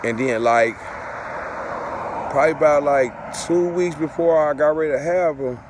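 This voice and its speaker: A man's voice: on the high side, normal speed, background noise. A father telling a personal story in a casual, profane, repetitive way, looping back over the same phrases.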